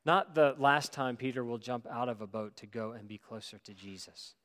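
A man's voice: mid-range voice, moderate pace. Man preaching in a reverberant hall. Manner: swings from loud emphatic preaching to quiet, hushed reflection. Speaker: pastor. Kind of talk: sermon.

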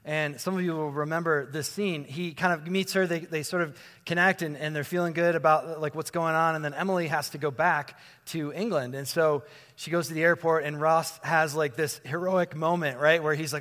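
A man's voice: fairly high pitch, fairly even intonation, fairly quick, a bit bright, in a large hall. A man in his forties giving a conversational sermon as pastor, chatty and informal, asking the congregation questions. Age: 40s. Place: church sanctuary with congregation.

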